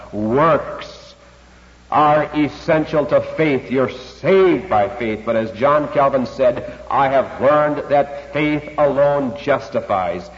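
A man preaching with a very lively, swooping delivery, leaning hard on key words and drawing them out for emphasis. His voice rings with a long reverb tail, as if in a large church, and the recording sounds dull and lo-fi. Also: mid-range voice. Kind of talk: expository sermon.

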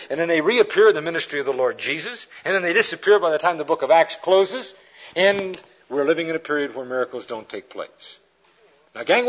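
Male preacher, fairly high husky voice, animated storyteller, dull old recording. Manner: animated storyteller acting out quoted characters. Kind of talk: lecture-style sermon with illustrations.

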